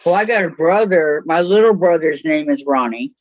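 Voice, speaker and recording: A woman's voice: low-pitched, moderate pace, no room sound. A woman joining a craft class from home, chatting casually over a video call and often trailing off mid-thought. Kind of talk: casual chat while crafting. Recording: dry, muffled video call audio.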